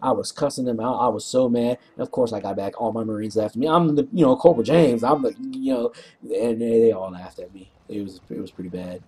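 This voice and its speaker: A man casually telling a rambling, animated story, clearing his throat often and swearing freely. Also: medium pitch, brisk. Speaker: co-op gaming channel host.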